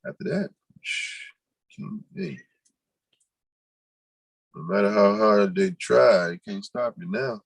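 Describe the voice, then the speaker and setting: A man with a low voice hosts a casual livestream and rambles loosely, half to his chat and half to himself. His voice sits close and dry on the mic, with almost no room around it. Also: very animated, slow pace, creaky, long pauses, husky, dry recording, poor audio. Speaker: livestream host.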